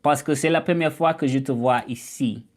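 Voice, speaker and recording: A young man with a Southern US accent from Memphis talks casually on a livestream. He is animated and a little indignant as he answers doubting commenters, and his voice sits at an ordinary middle pitch. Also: a little fast. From Memphis, Tennessee, US. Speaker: livestream host.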